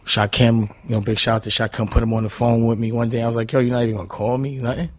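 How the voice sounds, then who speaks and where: A man from Harlem, New York, talks rapid-fire in a medium-pitched, level voice on a dry recording. As a guest in a casual interview, he tells stories bluntly and heatedly, repeating "you know what I'm saying."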